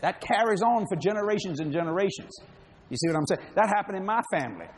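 Male preacher, high voice, swooping delivery, folksy jokes, laughs often. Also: expressive, quick pace. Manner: jokey, laughs between lines, folksy. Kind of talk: humorous sermon storytelling.

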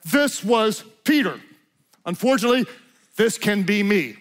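A male preacher with a high voice who delivers his sermon dramatically. He drops to hushed, slow lines and then builds up to shouting. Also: expressive.

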